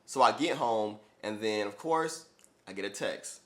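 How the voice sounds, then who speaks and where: A young man, a running shoe vlogger, telling a story in an animated, exasperated way, full of "like". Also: medium pitch, a little slow. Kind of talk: casual storytelling.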